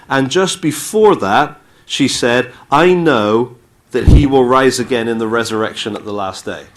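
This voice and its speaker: A man's voice: mid-range voice, takes it slowly, a bit bright. A man with a British accent giving an informal, chatty Bible talk to students, telling the story with asides and acted-out dialogue. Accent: British English. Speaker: speaker at a student Christian talk.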